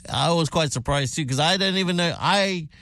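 A man's voice: a little high, normal speed, bright, forceful tone, no echo. A middle-aged man hosting a morning radio show, chatting in a joking, self-mocking way. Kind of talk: casual radio banter.

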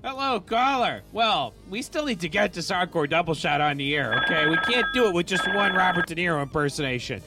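A man's voice: high voice, animated, fairly quick, few pauses, loud music behind the voice. A man hosting a morning radio call-in show, upbeat and laughing along with callers. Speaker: radio DJ host. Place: radio studio.

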